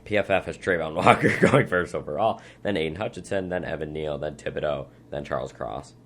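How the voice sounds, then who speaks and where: A man's voice: rumbling low, fairly quick, a little hiss or hum. A young man hosting a casual sports talk show from a small studio, running through the picks and sign-offs. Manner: runs the segment, lists picks and sign-offs. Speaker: host.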